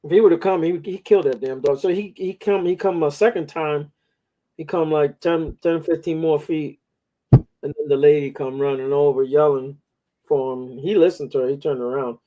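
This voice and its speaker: A man's voice: a little high, fairly even intonation, moderate pace, dark tone, low-quality recording. A man hosting a casual talk show, telling long rambling stories with plenty of swearing. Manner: rambling, profane storytelling. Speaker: podcast host. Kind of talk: casual chat.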